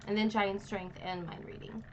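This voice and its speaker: A woman runs a tabletop game, explaining items and rules in a loose, friendly ramble full of ums. Her voice sits at a middle pitch. A faint hiss of background noise lies under the recording. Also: steady tone, normal speed, darkish tone, muffled recording. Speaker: game master.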